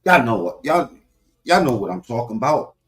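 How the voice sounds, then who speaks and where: A man giving a profane, animated political commentary rant, talking straight to his viewers with sudden loud swings. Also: medium pitch, moderate pace, faint music behind. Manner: animated, loud swings, heavy swearing, talks to viewers directly.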